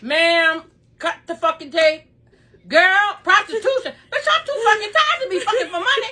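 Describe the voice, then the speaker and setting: A mother reacting to a prank, loud and indignant, laughing and swearing through her protests. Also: very high-pitched, lively intonation, normal speed, low-quality recording. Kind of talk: casual outburst on camera.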